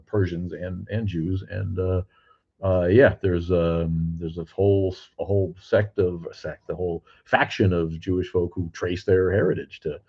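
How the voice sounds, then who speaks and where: A man's voice: deep voice, muffled recording. An older man hosting a livestream, reading chat and rambling bluntly with plenty of swearing. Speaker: livestream host. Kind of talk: casual livestream chat, reading comments aloud. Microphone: streaming cameras.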